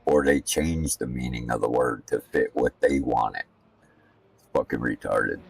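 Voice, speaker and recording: With an extremely low, fry-laden voice at a measured pace, a sim racing streamer runs practice laps, cursing casually and ranting bluntly in between comments on the car. His voice sits back from a distant mic, with slight background noise.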